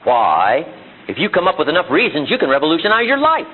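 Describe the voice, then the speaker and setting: A man with a slightly high, husky voice speaks at a live motivational seminar, and his pitch swings widely as he hammers home rhetorical questions. The sound comes from a thin, phone-like archival recording of the room. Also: huge pitch swings, fast. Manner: emphatic rhetorical questions and repetition. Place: seminar room before an audience.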